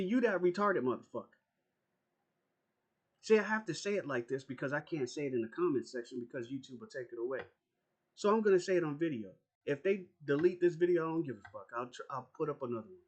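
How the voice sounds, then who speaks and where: Profane, combative man ranting to camera. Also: on the high side. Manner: profane, confrontational, repeats himself. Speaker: YouTuber. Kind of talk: angry political rant to camera.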